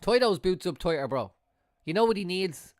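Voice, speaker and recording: Young male streamer, live watchalong commentary, voice sits a touch high, dry room, excitable with sudden shouts and swearing. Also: moderate pace, dry recording. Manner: excitable, swears, jumps to loud outbursts. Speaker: fan streamer.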